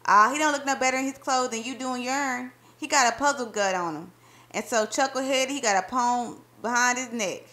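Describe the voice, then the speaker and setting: A woman voicing a spirited, affectionate young wife, talking in lively, sassy folksy banter. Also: on the high side, fairly quick, pitched above the performer's own voice.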